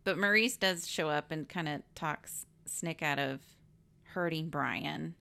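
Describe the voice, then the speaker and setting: A woman's voice: low voice, unhurried, creaky, pushed and bright. A woman co-hosting a casual podcast about a movie, adding short agreeing replies and dry asides. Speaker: podcast co-host. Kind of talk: casual movie recap chat.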